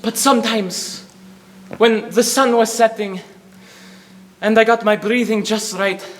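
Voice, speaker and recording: A man's voice: sits high, fairly bright tone. A young man doing a ranting Scottish shepherd. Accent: put-on Scottish. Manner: ranting, self-pitying, theatrical. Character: grumbling middle-aged Scottish shepherd man. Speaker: student competitor. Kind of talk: humorous interpretation performance.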